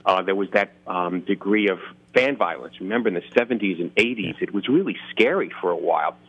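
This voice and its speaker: A man's voice: sits low, lively intonation, brisk, breathy edge. Bronx-accented man on a phone line. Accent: New York. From New York, the Bronx. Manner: chatty, self-deprecating, frequent restarts. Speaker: author guest. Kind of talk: casual interview talk.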